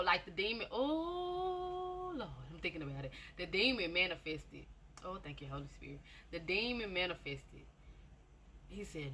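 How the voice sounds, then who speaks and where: A woman's voice: on the low side, sing-song, normal speed, bright, forceful tone, a little hiss or hum. A woman giving a casual personal testimony, chatty and repetitive, often speaking straight to her listeners. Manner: chatty storytelling, repeats phrases, addresses listeners directly.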